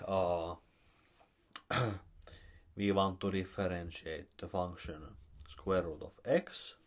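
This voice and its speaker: A man with a Finnish accent giving a recorded math lecture, explaining step by step with many pauses and fillers. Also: deep voice, steady tone. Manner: slow, halting, with many fillers.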